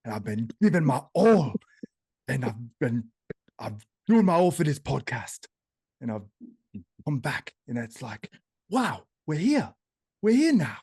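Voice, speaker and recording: A man putting on a Black British accent, high and eager. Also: sing-song, a little slow, pauses often, darkish tone, husky, dry recording, studio quality, exaggerated voice. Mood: earnest.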